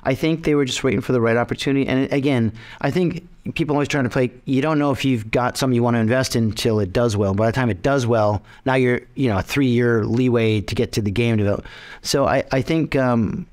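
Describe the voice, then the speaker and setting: A man's voice: medium pitch, fast, darkish tone. A man answers interview questions about his films in a loose, rambling way. He restarts his sentences often and laughs between thoughts. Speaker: film director being interviewed. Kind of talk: casual interview.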